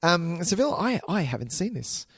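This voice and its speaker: A man's voice: sits high, very animated, moderate pace, no room sound, clean studio sound. A man co-hosting a movie podcast, chatting casually and running the easygoing sign-off. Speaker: podcast co-host. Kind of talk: casual chat about movies.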